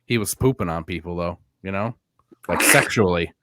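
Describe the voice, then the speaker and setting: A man's voice: sits low, normal speed, fairly bright tone, no echo. A man co-hosting a podcast, telling a story in casual chat and laughing at his own punchlines. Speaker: podcast co-host.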